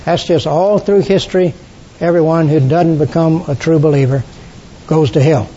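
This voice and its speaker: An older man teaching a Bible study class, halting with frequent fillers and throat clearing. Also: dark tone. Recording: dull lo-fi recording with faint rumble.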